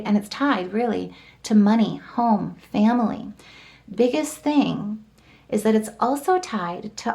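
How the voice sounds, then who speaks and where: A woman's voice: medium pitch, vocal fry, darkish tone. A woman giving an enthusiastic, chatty tarot and astrology reading, often tagging "right?" and "like" onto her points. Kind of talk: casual spoken horoscope reading.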